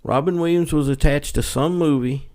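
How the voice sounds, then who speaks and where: A man's voice: fairly high pitch, normal speed, a little mellow. A man co-hosting a podcast in casual chat, laid-back and trailing off mid-thought. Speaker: podcast co-host.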